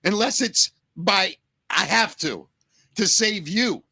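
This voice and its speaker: Podcast co-host, man, earnest and shaken, tearful, bright tense tone. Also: high-pitched, expressive, creaky, breathy edge, dry recording. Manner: earnest, emotional, swearing, halting restarts. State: close to tears. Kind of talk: emotional podcast talk.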